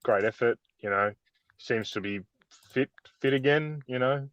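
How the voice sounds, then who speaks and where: A man co-hosting a football podcast in a relaxed, measured way. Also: mid-range voice, no room sound. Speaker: podcast co-host. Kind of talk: casual football chat. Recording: dull dry sound.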